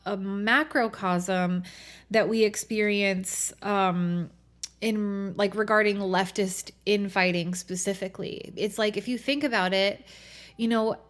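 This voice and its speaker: A young adult woman talks through her thoughts on her solo podcast. Her voice sits at an ordinary middle pitch, and her speech is loose and conversational, dotted with fillers. She sounds thoughtful and unhurried. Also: fairly even intonation. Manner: casual, thoughtful, many "like" fillers. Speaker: podcast host. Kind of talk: reflective solo podcast talk.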